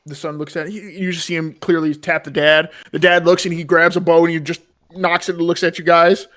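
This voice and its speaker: High-voiced male game master. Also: level tone, fairly quick, a bit bright. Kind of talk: narrating a tabletop game.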